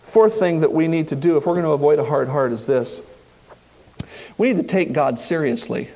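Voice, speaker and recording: A male pastor preaching a sermon in an animated way, acting out the quoted voices. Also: on the high side, normal speed.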